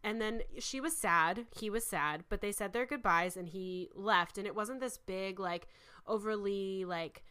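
A woman's voice: mid-range voice, measured pace, sharp tone, smooth. Enthusiastic woman retelling movie scenes. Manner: enthusiastic, retells scenes with acted quotes, laughs often. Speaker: podcast co-host. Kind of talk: casual chat reviewing a movie.

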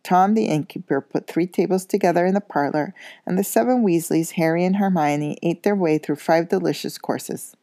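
Low, gravelly woman reading a storybook aloud. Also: moderate pace, dry recording, studio quality. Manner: steady storytelling. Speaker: reader. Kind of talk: read-aloud of a children's novel.

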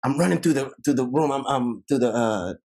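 A man in his fifties from Ohio with a Dayton accent, telling stories as an interview guest, animated and acting out quoted voices. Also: mid-range voice, brisk, husky. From Ohio, USA. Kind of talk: casual interview storytelling.

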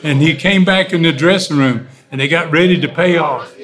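Animated older man telling wrestling stories. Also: a little high, normal speed. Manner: animated storyteller, laughing often. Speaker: guest, former wrestler. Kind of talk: casual storytelling interview.

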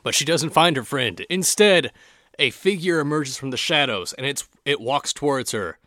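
A young man co-hosting a podcast, retelling scenes in an animated storytelling way. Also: medium pitch, moderate pace, no room sound, clean studio sound. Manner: narrates plot beats in an animated, storytelling way. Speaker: podcast co-host. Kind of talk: casual recap chat.

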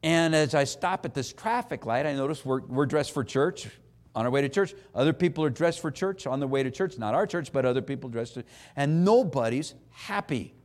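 A middle-aged man preaching a sermon, animated, acting out voices and having the congregation repeat phrases after him. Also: mid-range voice, fairly quick.

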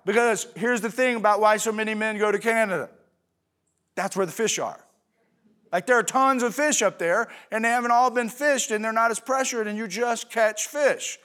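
Man, pastor, high voice, conversational sermon, rhetorical questions, casual asides. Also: moderate pace, bright, forceful tone, clear, resonant tone. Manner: asks rhetorical questions and answers them himself.

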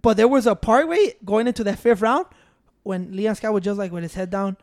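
A man's voice: sits high, a little fast, dry recording, clean studio sound. A man in casual sports chat, telling stories animatedly with lots of swearing and acted-out quotes, mixing English and Spanish. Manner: animated storytelling, acting out quotes, profanity-laden.

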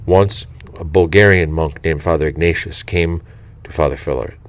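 A man reading a saint's life aloud in a slow, reverent, measured way. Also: very deep voice, dry recording. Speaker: audiobook reader.

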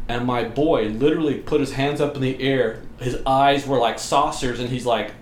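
A man's voice: mid-range voice, moderate pace, few pauses. A man telling blunt, profane stories on a podcast as a guest, laughing as he goes. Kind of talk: casual storytelling. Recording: echoey room with clear noise.

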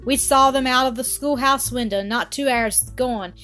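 A woman's voice: high-pitched, moderate pace, bright, forceful tone, faint music behind. Woman doing an eager girl twin. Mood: excited. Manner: breathless, eager.

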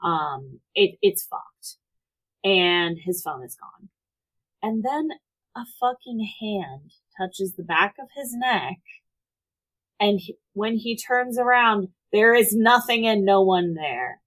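Slow-talking woman recapping a film. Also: medium pitch, animated, a bit bright, poor audio. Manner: unhurried, profane retelling with many "like" fillers. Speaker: podcast co-host. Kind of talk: casual movie recap chat.

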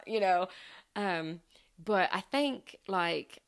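A woman's voice: on the low side, expressive, a little slow. A young woman chats casually on her podcast. She wanders through her thoughts with frequent restarts, and laughter bubbles up often as she talks. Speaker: podcast host and former teacher. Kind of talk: casual chat.

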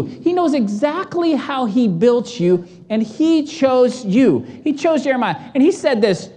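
A woman pastor delivering a sermon, animated and acting out the voices in the story. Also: high voice, unhurried, hardly any pauses.

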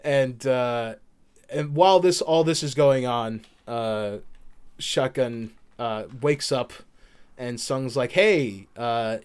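A man's voice: mid-range voice, a little mellow, clean tone. A man co-hosting a podcast, chatting casually and rambling through a game's story with lots of fillers. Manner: rambling, many fillers, quotes characters in quick voices. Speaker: podcast co-host. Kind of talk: casual chat recapping a game.

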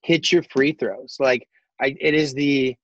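A man co-hosting a casual sports chat, ranting in an animated, profane way. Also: medium pitch, a little slow, muffled recording. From Texas. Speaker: podcast co-host.

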